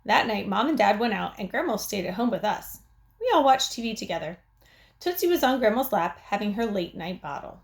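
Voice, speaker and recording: A woman teacher reading a chapter book aloud to her class, with expressive, clear storytelling. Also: medium pitch, brisk.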